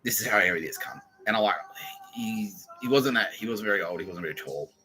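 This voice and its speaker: A man's voice: lowish voice, fairly quick, pushed and bright, faint music behind, rough recording. An Australian man hosting a podcast, telling a rambling story in a profane, agitated way. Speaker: podcast host. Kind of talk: casual rambling monologue.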